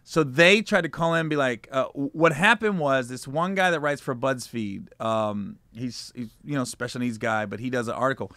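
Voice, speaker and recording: A man's voice: medium pitch, moderate pace, hardly any pauses, no room sound, clean studio sound. A man, a comedian guest, telling stories in a casual interview, acting out quoted lines. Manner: animated storyteller acting out quotes. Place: studio.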